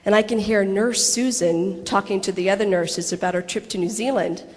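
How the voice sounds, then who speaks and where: A woman in her thirties reads a personal story aloud before a convention audience. She tells it with laughing asides and quick acted quotes. The sound rings with the long reverb of a large hall. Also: mid-range voice, fairly even intonation. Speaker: actress reading a personal letter on stage.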